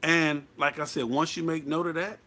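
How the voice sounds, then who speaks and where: A man's voice: fairly high pitch, level tone, moderate pace, pushed and bright. A man giving blunt, profane, preachy advice as a motorcycle club member in a casual monologue.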